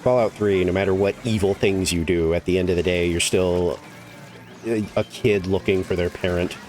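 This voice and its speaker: A man's voice: sits low, steady tone, moderate pace, darkish tone, faint music behind. A man streaming a game, chatting casually and rambling with lots of "like" and casual swearing. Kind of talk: casual chat while gaming.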